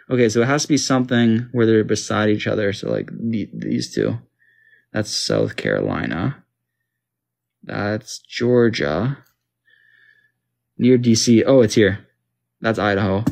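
A Canadian gamer with a lowish, creaky voice talks to himself while playing a map quiz game, speaking at a measured pace with big pitch swings and long pauses. His casual commentary is confused and full of jokes.

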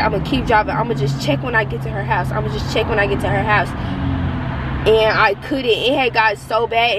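A woman's voice: on the high side, noisy background. A young woman vlogging from her car, frustrated and tearful, swearing and rambling as she talks. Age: young adult. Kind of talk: casual vlog rant. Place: parked car by roadside.

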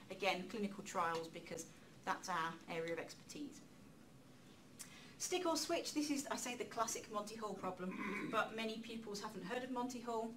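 Woman lecturer, lively chatty talk, distant mic, faint room noise. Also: medium pitch. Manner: lively, chatty, self-deprecating asides. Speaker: public lecturer. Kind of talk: public talk on outreach.

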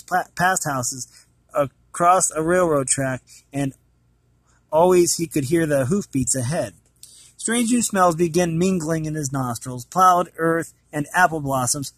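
A man reading a storybook aloud at a steady pace. His voice is a little higher than most men's and sounds close and dry. He often trips over words and goes back to fix them. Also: dry recording. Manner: stumbling, often correcting himself mid-sentence. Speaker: storybook reader.

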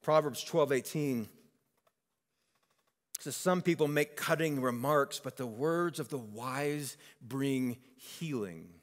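A male pastor preaching a sermon, conversational and animated, telling stories and acting out quoted lines. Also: mid-range voice, slow pace, big-room sound.

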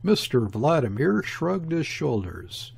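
A man narrating a classic novel in a measured, deliberate way with a husky, gravelly voice. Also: on the high side, very animated, a little mellow. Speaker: audiobook narrator. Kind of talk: unabridged novel reading.

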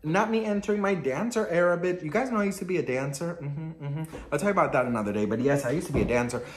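A man hosting a casual pop culture gossip vlog in a sassy, excitable style. He swears a lot and keeps calling the viewer "girl.". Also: fairly high pitch, quick pace, echoey room, background noise.

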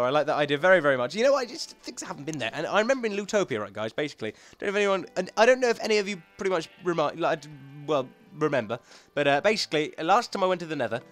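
Young guy rambling through a lets play, bouncy voice that swoops up and down, a bit high. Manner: chatty, thinks aloud, talks to himself; excitable, rambling. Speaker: gaming YouTuber. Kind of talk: let's play commentary.

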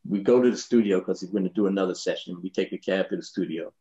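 A man in his sixties, a bass player, telling anecdotes in a relaxed, laughing way, often saying "you know". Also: fast, dull audio. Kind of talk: anecdotal storytelling in a panel.

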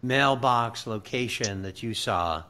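A man hosting an interview, speaking in a measured way and pausing to search for the right word. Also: mid-range voice, sharp tone. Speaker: interview host. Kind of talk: conversational interview.

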